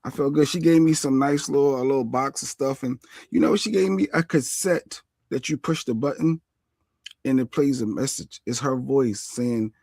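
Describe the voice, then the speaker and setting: A man's voice: mid-range voice, normal speed, darkish tone, no echo, studio quality. A man co-hosting a casual livestream, easygoing and rambling, often repeating himself. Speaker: livestream co-host.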